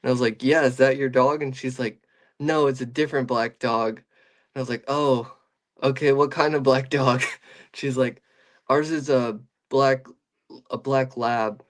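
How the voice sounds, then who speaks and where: A man's voice: mid-range voice, steady tone, a little slow. A young man in casual podcast chat, telling a long story with many restarts and fillers.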